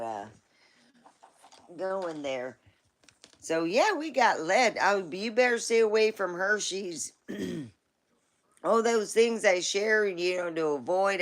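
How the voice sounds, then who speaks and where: A woman hosting a live stream, chatting casually in a rambling, folksy storytelling way. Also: lowish voice.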